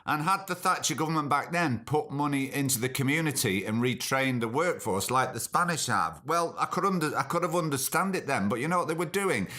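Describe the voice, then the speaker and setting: A man's voice: mid-range voice, lively intonation, fairly quick, few pauses, pushed and bright. A middle-aged man from the UK hosting a podcast, reading news items and adding indignant, opinionated asides and rhetorical questions. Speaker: podcast host.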